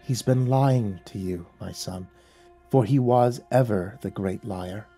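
A man voicing a gentle male angel messenger, speaking softly, solemnly and slowly in a dark, husky voice. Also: mid-range voice, soft background music. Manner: soft, solemn, slow and pleading.

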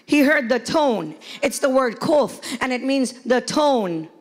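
A woman pastor preaching a sermon to a congregation, often shouting and playfully acting out quoted voices. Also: high voice, expressive, slow pace. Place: church hall before a congregation.

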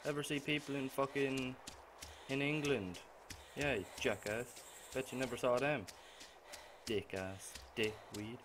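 A young man giving profane gameplay commentary, muttering to himself and then suddenly yelling. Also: medium pitch, fairly even intonation, unhurried, long pauses. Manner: swears constantly, muttering that bursts into sudden yells. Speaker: gaming channel host. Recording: noisy gameplay recording.

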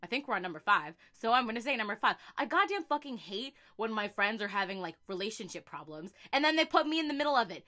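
A young woman vlogging a comedic, profane rant to camera, exasperated and bursting into loud outbursts. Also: a little high, lively intonation, quick pace, few pauses.

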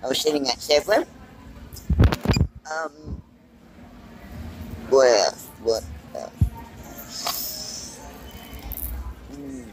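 A man's voice: medium pitch, animated, drawn-out words, pauses often, soft background music, poor audio. A man vlogging casually from inside a big store on a handheld phone, rambling and thinking aloud as he browses. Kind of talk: casual walk-and-talk vlog.

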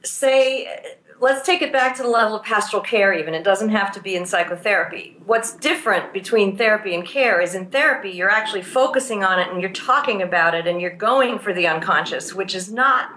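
A woman's voice: mid-range voice, fairly quick, bright, forceful tone, roomy sound, a little hiss or hum. A woman who works as a therapist and teaches pastoral care, explaining her ideas thoughtfully in a conversational interview and walking through examples.

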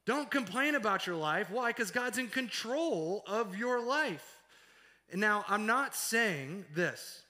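Man preaching, middle-aged, bright voice, fairly high pitch, conversational with rhetorical questions. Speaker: pastor. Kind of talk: sermon.

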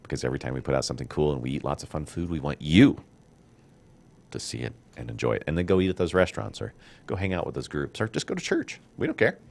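A middle-aged man hosting a casual studio chat, joking and rambling in an animated way. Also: a bass voice, fast talker, gravelly. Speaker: show host.

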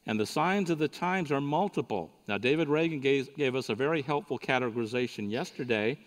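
A man's voice: medium pitch, animated, brisk. A man giving a sermon at a conference, telling a folksy joking story to the audience. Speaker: conference speaker. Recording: reverberant hall recording.

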